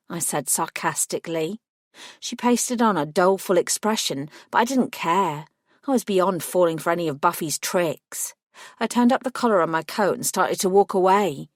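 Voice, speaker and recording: A woman reading a first-person paranormal audiobook with wry, measured narration. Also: lowish voice, expressive, no room sound, studio quality.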